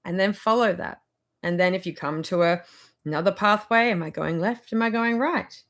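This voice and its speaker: Chatty woman vlogging wellness tips, rambly and giggly, average pitch. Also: moderate pace, fairly bright tone. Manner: rambling, chatty, laughs often. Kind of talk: casual motivational chat.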